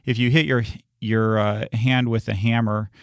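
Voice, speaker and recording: A man speaking as a pastor in a relaxed sermon discussion, earnest and reassuring, often restarting his sentences. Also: mid-range voice, moderate pace, smooth, no echo.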